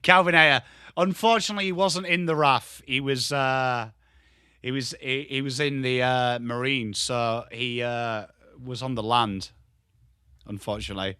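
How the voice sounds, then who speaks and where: An English man hosting a live football watchalong, chatting with his viewers and swearing casually while he calls the play and shouts at big moments. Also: medium pitch, steady tone, unhurried, smooth, no room sound, studio quality. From England. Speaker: livestream host.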